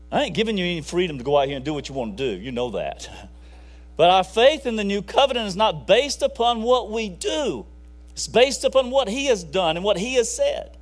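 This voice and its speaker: A high-voiced man delivers a folksy sermon in a conversational tone, with sudden bursts of emphasis. He sounds like a preacher talking to his congregation.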